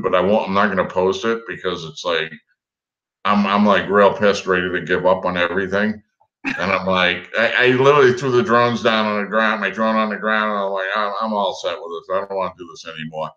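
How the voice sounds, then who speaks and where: A man's voice: low-pitched, fairly even intonation, brisk, bright, forceful tone, muffled recording. A man guesting on a casual livestream chat, telling rambling stories and chuckling as he goes. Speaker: guest drone hobbyist.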